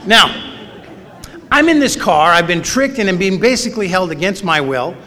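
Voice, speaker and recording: A man's voice: high voice, animated, moderate pace, pushed and bright. A middle-aged man telling a funny personal story at a recovery meeting, with a wry, self-mocking manner. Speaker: speaker sharing his story at a recovery meeting. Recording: long reverb of a large hall.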